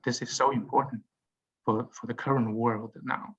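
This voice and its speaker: A man lecturing a university genetics class, halting with many fillers and restarts. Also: medium pitch, fairly even intonation, a bit bright, slightly rough. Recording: dull lo-fi lecture recording.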